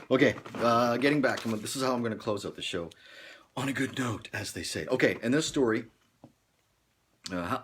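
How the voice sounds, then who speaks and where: A man's voice: mid-range voice, a little hiss or hum. Rambling, chuckling man hosting a livestream. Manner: rambling, jokey, chuckles often. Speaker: livestream host. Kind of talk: casual live-stream chat.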